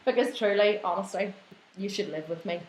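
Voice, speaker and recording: A woman fitness coach hosting a live Q&A, reading out viewer questions and going off on animated rants. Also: mid-range voice, brisk, reverberant, rough recording. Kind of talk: live online Q&A.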